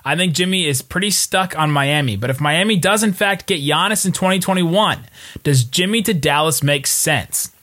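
A man hosting a casual sports podcast, joking and relaxed as he chats with his co-host. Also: on the high side. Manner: joking, relaxed, quick asides.

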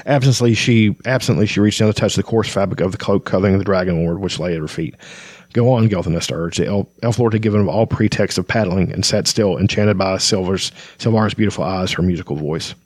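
Here a man speeds through fantasy novel passages in a deep, slightly mellow voice, stumbling as he goes and summarizing in between with plenty of ums and uhs. It's a casual book reading with commentary, with no room sound.

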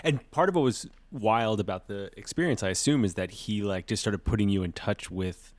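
A man hosting an interview podcast, asking measured, probing questions. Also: fairly low pitch, dry recording. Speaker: podcast host.

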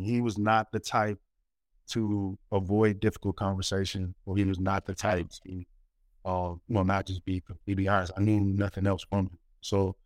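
A man's voice: fairly low pitch, no echo. A man in his forties, a former college basketball player, telling stories in a casual interview with lots of fillers and acted-out quotes. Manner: animated storyteller, many fillers, acts out quotes.

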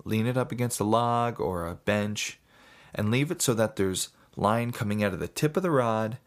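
A man's voice: lowish voice, animated, moderate pace. A man giving a casual, folksy how-to talk on fishing, mixing in stories. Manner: folksy, storytelling. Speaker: fishing instructor.

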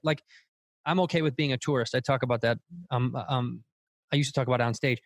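Animated man in casual chat. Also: mid-range voice, fast talker, dry recording. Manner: loose, animated, swears casually. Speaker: guest comedian.

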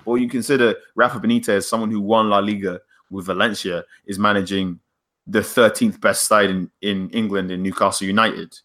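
A man co-hosting a casual football podcast, animated and quick to argue, laughing often. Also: fairly low pitch. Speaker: podcast co-host. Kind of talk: casual chat.

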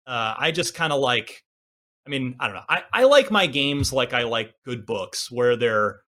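Bright-voiced man in his forties, rambling. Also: medium pitch, animated, normal speed. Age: 40s. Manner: rambling, self-deprecating, many restarts. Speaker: podcast host. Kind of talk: casual gaming podcast chat.

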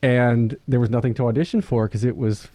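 A man's voice: medium pitch, fairly even intonation, a little fast, dark tone, dry recording. A man in his thirties co-hosting a podcast, playful and self-deprecating in casual chat. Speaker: podcast co-host.

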